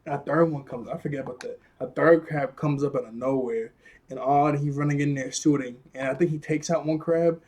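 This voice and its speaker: A young man with a mellow voice that sits a little high recaps a cartoon episode. He keeps breaking into laughter and fills his retelling with slang and fillers. He sounds relaxed and chatty throughout. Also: fairly quick. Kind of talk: casual episode review recap.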